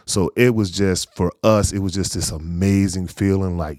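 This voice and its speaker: A man in his forties from North Carolina, a former pro football player, telling stories in an easygoing, animated way in an interview. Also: low-pitched, normal speed, no room sound, clean studio sound. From North Carolina, USA. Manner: easygoing, animated anecdotes with frequent laughs. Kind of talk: casual storytelling interview.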